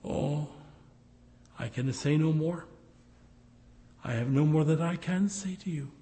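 Slow, earnest male preacher, pleading sermon, long hall echo. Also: a little high. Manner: pleading, rising to loud appeals.

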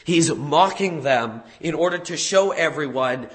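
Guy giving a sermon, kinda high voice, talks casual, stumbles and restarts, punches key words. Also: a little slow, few pauses. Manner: conversational, self-correcting, animated emphasis. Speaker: preacher.

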